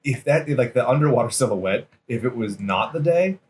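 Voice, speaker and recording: A man's voice: medium pitch, lively intonation, moderate pace. A man co-hosting a podcast, chatting casually and cracking jokes. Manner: jokey, interrupts with gags and put-on voices. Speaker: podcast co-host.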